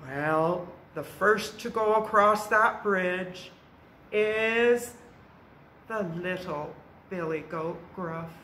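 A woman presenting a library storytime, telling a folk tale to young children in a slow, expressive way. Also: on the low side. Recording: roomy echo with faint background noise.

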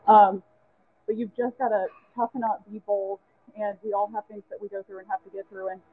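A woman's voice: mid-range voice, little pitch movement, brisk. A woman calling in from the gym, a little out of breath, chatting in an earnest and grateful way. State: slightly out of breath. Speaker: caller. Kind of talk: casual call-in comment. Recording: tinny phone line.

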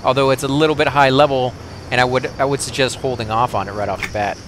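A man hosting a game walkthrough, explaining steps in a relaxed way with plenty of fillers. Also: medium pitch, quick pace, background noise. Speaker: host.

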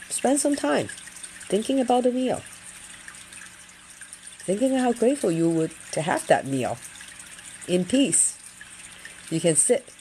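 A woman's voice: low voice, a little mellow, slight background noise. A middle-aged woman hosting a casual feng shui livestream, talking earnestly and chattily and often repeating her phrases.

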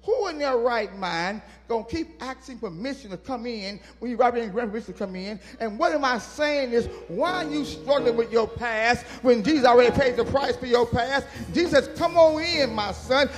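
A man's voice: very high-pitched, brisk, few pauses, big-room sound, soft background music. A man preaching a sermon as pastor, working call-and-response with his congregation and teasing them to respond. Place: church sanctuary.

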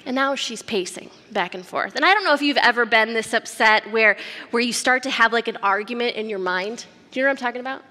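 A woman preaching a sermon in a conversational, animated storytelling manner, often turning to the congregation with questions. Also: fairly high pitch, quick pace. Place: church sanctuary. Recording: long church hall reverb.

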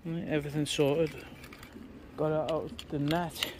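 A man's voice: on the high side, flat delivery, a little slow, noisy background. Upbeat man outdoors. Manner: upbeat, chatty, matey. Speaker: fishing channel host. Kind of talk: casual outdoor vlog chat. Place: riverbank at night, outdoors.

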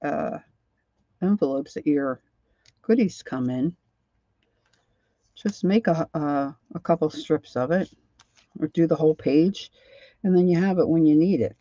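A woman's voice: low voice, a little slow, long pauses, mellow, no room sound, lo-fi sound. A woman hosting a craft livestream who rambles and thinks aloud as she works, often trailing off mid-sentence. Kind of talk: casual crafting tutorial.

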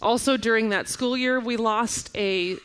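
Woman in her forties giving an animated sermon. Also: a little high, unhurried, clean tone. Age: 40s. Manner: animated storytelling, reading scripture aloud. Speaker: guest preacher.

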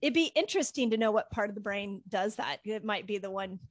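A woman doctor, a guest on a podcast, chatting in an animated way with laughs. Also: mid-range voice, fairly quick, no room sound. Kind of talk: casual interview chat.

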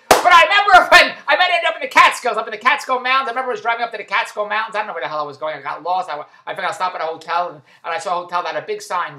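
A man's voice: sits high, sharp tone. Joke-cracking middle-aged man, echoey room. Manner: rapid-fire old-school joke telling, repeating punchlines. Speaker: husband sending a birthday message. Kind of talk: comic birthday monologue of one-liner jokes.

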